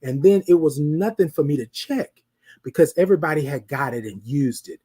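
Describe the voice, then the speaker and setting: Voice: medium pitch, expressive, normal speed, husky. A live-show host giving a motivational talk, repeating phrases and often asking listeners rhetorical questions. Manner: repetitive, preacherly, asks the audience rhetorical questions; addresses listeners as ladies and gentlemen.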